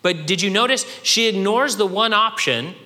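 A man preaching a sermon with animated delivery, acting out the voices of people in the scripture he quotes. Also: sits high, normal speed, in a large hall. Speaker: pastor.

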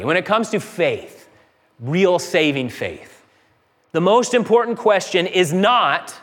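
A man's voice: sits high, big-room sound. A man preaching a sermon earnestly, acting out quoted voices and building to emphatic peaks. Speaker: pastor.

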